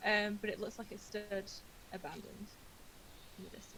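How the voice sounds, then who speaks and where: Bright-voiced woman running a tabletop game. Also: medium pitch, fairly even intonation, normal speed, slight background noise, low-quality recording. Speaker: dungeon master.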